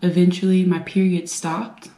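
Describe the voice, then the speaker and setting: A woman from the United States telling her own survivor story in an earnest, halting way, repeating phrases for emphasis. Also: fairly low pitch, little pitch movement, mellow. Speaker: brain injury survivor and veteran speaker. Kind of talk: personal storytelling talk. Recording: roomy echo.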